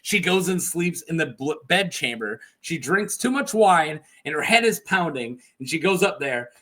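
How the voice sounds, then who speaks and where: A man with a notably high voice hosts a casual lore video, speaking at normal speed in an animated, chatty way and frequently bursting into laughter.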